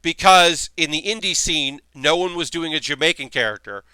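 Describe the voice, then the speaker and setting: Bright-voiced man rambling casually. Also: a little high, lively intonation, moderate pace, clear, resonant tone, no room sound. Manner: rambling, lots of fillers and restarts. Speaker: streamer hosting a building stream.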